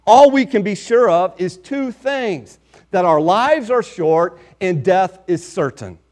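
Male preacher, high register, emphatic measured sermon delivery. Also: lively intonation, a little mellow.

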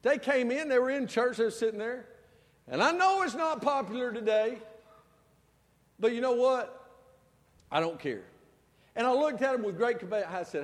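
High-voiced preacher man in reverberant church. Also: expressive, moderate pace, pauses often. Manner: storytelling preacher, swings from loud to soft. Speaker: pastor. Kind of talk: sermon.

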